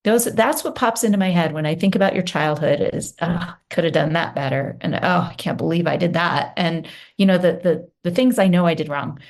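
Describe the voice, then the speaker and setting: A woman's voice: lowish voice, brisk, hardly any pauses, darkish tone. A woman podcast host in casual chat, reflective, laughing as she speaks.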